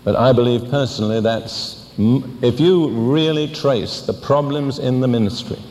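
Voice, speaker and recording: An older man preaching a sermon, teaching deliberately and asking pointed questions. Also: mid-range voice, darkish tone, in a large hall, slight background noise.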